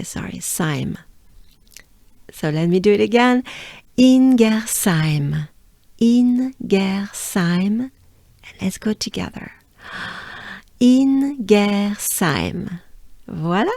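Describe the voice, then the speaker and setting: A woman's voice: on the low side, expressive, moderate pace, creaky, pauses often, dry recording. A woman from France with a French accent, teaching pronunciation patiently, drilling each sound several times and inviting the listener to repeat. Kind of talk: slow, drilled pronunciation lesson.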